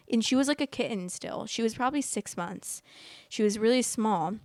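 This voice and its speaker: A young woman hosts a casual storytelling vlog, chatting and rambling with lots of "like." She is emotional and teary as she tells the story, her medium-pitched voice a little fast, recorded in a clean studio with no room sound.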